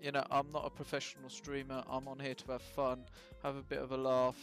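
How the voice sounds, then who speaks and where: A man's voice: mid-range voice, monotone, fairly quick, a bit bright, faint music behind. A man casually talking through his flight sim setup on a live stream, chatty and full of ums and self-mocking jokes.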